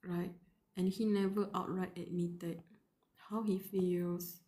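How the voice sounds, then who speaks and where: A woman's voice: lowish voice, level tone, slow, dark tone. A woman streaming a live novel reading, reacting emotionally in a rambling way with lots of fillers. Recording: roomy with faint background noise.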